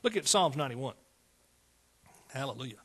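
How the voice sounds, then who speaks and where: A man's voice: a little high, expressive, fairly quick, fairly bright tone. A man preaching a fervent sermon, calling out to his congregation.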